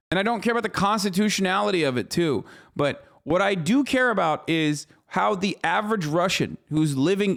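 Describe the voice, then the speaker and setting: A man's voice: fairly high pitch, fairly bright tone. A man streaming a reaction to a news clip, ranting in an exasperated, profane way. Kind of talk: heated reaction commentary.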